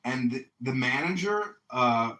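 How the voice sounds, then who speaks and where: A man running for mayor chats casually, telling stories excitably, with profanity and frequent laughter. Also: medium pitch, a little slow. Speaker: mayoral candidate. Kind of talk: casual storytelling chat. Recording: echoey room, distant mic.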